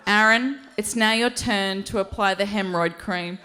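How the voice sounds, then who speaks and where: A woman's voice: medium pitch, normal speed, sharp tone. Woman giving an emotional wedding toast. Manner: laughing and emotional while reading a prepared toast. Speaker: maid of honor. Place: wedding reception hall.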